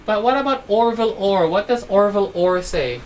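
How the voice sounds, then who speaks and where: A woman's voice: mid-range voice, expressive, fairly quick, a little mellow, far from the mic, slight background noise, poor audio. A woman teaching a child English phonics, telling a story and asking patient questions. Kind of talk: online phonics lesson for a child.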